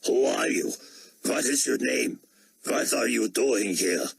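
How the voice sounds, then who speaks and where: A man's voice: mid-range voice, creaky, noisy background, voice pushed up. A man voicing an eager, burly German man with a thick German accent, firing off questions. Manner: eager, gushing, rapid questions.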